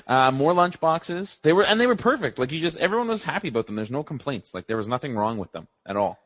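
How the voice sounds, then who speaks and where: A fast-talking young man with a voice on the high side co-hosts a podcast, and there's no echo in the audio. Expect rambling, energetic storytelling peppered with swearing in a casual back-and-forth.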